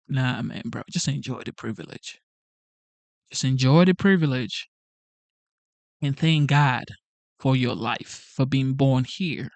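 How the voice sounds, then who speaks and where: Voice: mid-range voice, a little slow, creaky, pauses often, no echo. A naturalized immigrant hosting a political commentary channel, ranting emphatically in slangy speech and repeating punchlines. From immigrant, naturalized in the United States.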